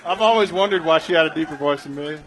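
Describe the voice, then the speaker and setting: A man's voice: quick pace, fairly bright tone, low-quality recording. Young Arkansas man with a boyish voice. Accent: Arkansas Southern. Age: 20s. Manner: boyish high voice with hesitant answers. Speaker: comedian guest. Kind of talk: live comedy interview. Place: comedy club stage.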